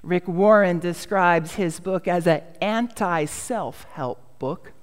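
A woman's voice: lowish voice, slow pace, in a large hall. A middle-aged woman pastor giving a sermon in a storytelling way, with self-mocking humor.

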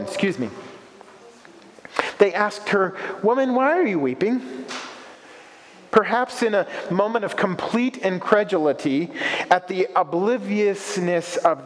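Male preacher, high voice, unhurried reflective sermon, long hall reverb. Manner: reflective, asks rhetorical questions.

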